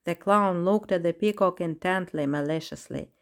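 A woman narrating a children's storybook in a measured, unhurried reading voice. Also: lowish voice, smooth.

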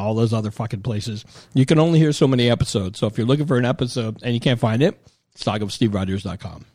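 A man's voice: medium pitch, darkish tone, dry recording. A man hosting a podcast, chatting casually and loosely, swearing now and then, close to the mic. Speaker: podcast host. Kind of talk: casual chat. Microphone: close mic, eating near it.

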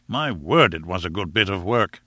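A man's voice: low-pitched, expressive, normal speed, sharp tone, slightly rough, no room sound, clean studio sound, pitched below the performer's own voice, full character voice. A man voicing a tired, grumbling older scientist in an audiobook. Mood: weary.

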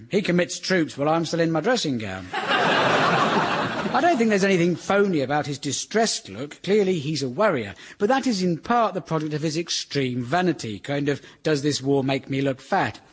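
A man's voice: fairly high pitch, normal speed. A man in his forties hosting a scripted radio comedy, wry and sardonic, on a hissy archive radio recording. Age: 40s. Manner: wry, sardonic, lively delivery. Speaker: comedy show host.

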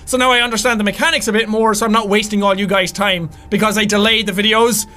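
A man giving let's play commentary as a gaming YouTuber, chatty and rambling, excitable and swearing loudly when scared. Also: sits high, quick pace.

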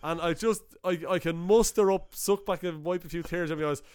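A young Dublin man with an Irish accent, co-hosting a podcast and telling a profane, animated anecdote in casual chat. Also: high voice, brisk, smooth, no echo. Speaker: podcast co-host.

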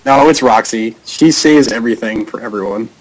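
A man's voice: medium pitch, moderate pace, low-quality recording. Rambling young man telling stories. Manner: rambling storyteller, chuckles often. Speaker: co-host of a prank call show. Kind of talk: casual chat.

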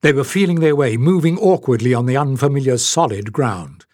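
Guy reading an audiobook, steady and even, dry close mic. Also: medium pitch, a little fast, hardly any pauses, no room sound. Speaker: audiobook narrator. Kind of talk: scripted narration.

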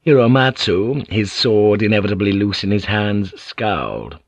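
A male audiobook narrator reads in a steady, measured way with a fairly low voice. The recording is close and dry, with no room sound. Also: husky, dry recording. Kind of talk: scripted narration.

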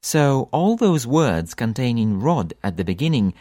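A man teaching a language lesson for an audiobook, repeating example words slowly with long drawn-out vowels. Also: mid-range voice, big pitch swings, warm tone, no echo, clean studio sound.

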